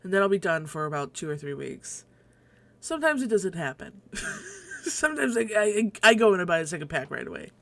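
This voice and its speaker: This young woman runs a relaxed solo stream from her home, talking a little fast with vocal fry and a medium-pitched, very animated delivery. She wanders from topic to topic, curses, laughs frequently and is somewhat short of breath.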